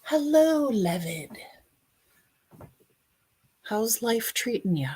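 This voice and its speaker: A woman's voice: on the high side, big pitch swings, extremely slow, warm tone, slightly rough. A woman hosting a casual livestream, chatting and greeting viewers by name, sometimes singing a snippet. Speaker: livestream host.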